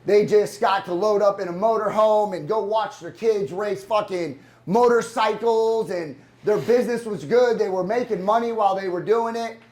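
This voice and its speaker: Guy with a high voice introducing a speaker, jokey, swears a lot. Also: normal speed, few pauses, darkish tone. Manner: loose, profane, joking. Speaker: event host. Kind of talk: live event introduction. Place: conference room with live audience.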